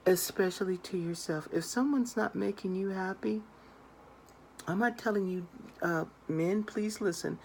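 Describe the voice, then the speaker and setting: Woman tarot reader, lowish gravelly voice, emphatic and direct, faint hiss behind. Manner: earnest, emphatic, addresses viewers directly. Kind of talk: direct-to-camera advice monologue.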